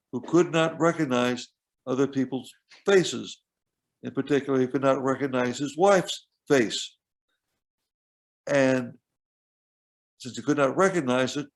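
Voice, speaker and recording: A man with a gravelly, slightly creaky voice talks through a lecture over a video call. His delivery is measured and explanatory, with pauses as he points out details on slides. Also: mid-range voice. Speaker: professor giving a lecture.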